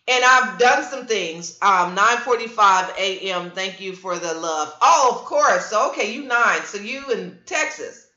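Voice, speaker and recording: A middle-aged woman hosts a casual livestream from home, chatting with viewers and acting out her stories. Her voice is bright and forceful. The sound is roomy and a bit muffled, like a webcam mic in an echoey room. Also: medium pitch. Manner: animated storyteller, reads viewer comments aloud. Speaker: livestream host. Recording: roomy, dull lo-fi stream audio.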